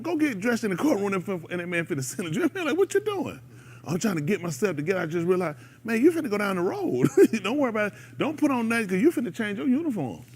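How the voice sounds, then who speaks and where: A man's voice: high-pitched, slightly rough. A man, hosting a radio show and preaching casually to a group in an exhorting way. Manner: animated, exhorting, breaks into laughter and mimicry.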